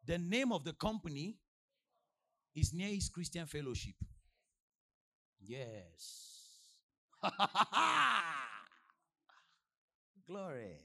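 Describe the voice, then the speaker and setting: A man with a Nigerian accent preaching a sermon as pastor, firing questions at the congregation and swinging from soft asides to loud exclamations. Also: fairly high pitch, takes it slowly, pauses often. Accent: Nigerian English. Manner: animated preaching with call-and-response questions to the congregation.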